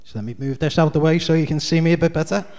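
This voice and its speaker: A man's voice: a little high, rapid-fire, a little mellow, a little hiss or hum. A man with a Scouse accent doing a rambling, chatty stand-up comedy set on a club stage. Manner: rambling, chatty, heavy on fillers.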